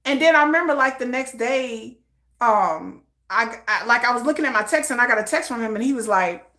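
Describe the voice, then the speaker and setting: Woman vlogger, high bright voice, chatty animated storytelling, echoey room. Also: a little fast. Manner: chatty, animated retelling with many fillers. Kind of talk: casual storytelling.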